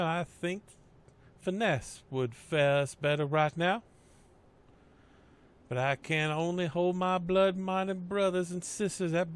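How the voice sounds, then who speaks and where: An old Southern woman leading a carnival of mystics, as a man puts her on, speaking in a folksy, cryptic drawl with a Southern US accent. The voice sits a little high. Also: smooth, lightly acted.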